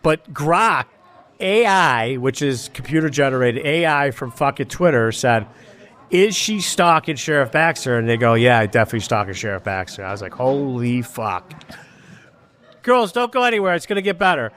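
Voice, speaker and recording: This older man from Rochester, New York, with a Western New York accent, speaks in a sing-song, bit-bright voice on the high side at a moderate pace. Hosting a live podcast in a neighborhood bar, he tells long, rambling stories packed with swearing and restarts.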